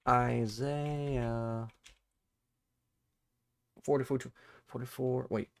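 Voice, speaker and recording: A man hosting a live-streamed Bible study, thinking out loud, correcting himself mid-sentence and reading scripture aloud while he looks up verses. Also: mid-range voice, steady tone, gravelly. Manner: halting and self-correcting, restarts numbers while looking up verses; reads scripture and viewer chat aloud.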